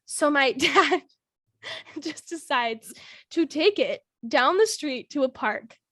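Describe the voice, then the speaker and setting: A young woman co-hosting a podcast, telling a story in a casual, animated way, laughing often and shrieking when she acts out quotes. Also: high voice, takes it slowly, dry recording, clean studio sound. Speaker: podcast co-host.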